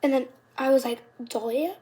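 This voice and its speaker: A young girl in fifth grade casually retelling school drama with a high youthful voice and whispered asides, full of "like"s. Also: unhurried, darkish tone, slightly rough. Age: child, fifth grader. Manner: chatty, dramatic retelling with many "like"s. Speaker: vlogger. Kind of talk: casual storytelling vlog.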